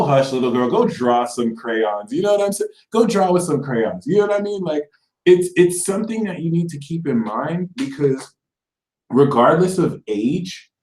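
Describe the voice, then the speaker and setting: Brief: male astrologer, casual slangy delivery, animated, mid pitch, echoey room. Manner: slangy, animated, acts out quoted people. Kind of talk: casual live horoscope talk. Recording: roomy echo.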